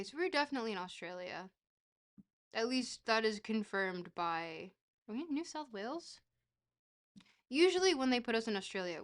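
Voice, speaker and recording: A woman streamer talks her way through a geography guessing game in loose, casual chat. She rambles and jokes, with an easy habit of swearing. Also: medium pitch.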